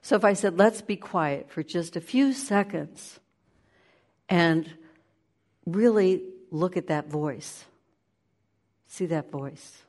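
A woman giving a spiritual talk, shifting between lively play-acting of inner voices and slow, hushed guidance. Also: fairly low pitch. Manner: animated, acts out inner voices with laughter; slows into soft, hushed guidance. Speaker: spiritual teacher.

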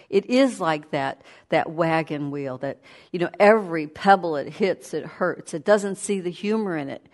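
A woman giving a conversational sermon, animated and storytelling. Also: lowish voice. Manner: animated, storytelling, laughs while speaking.

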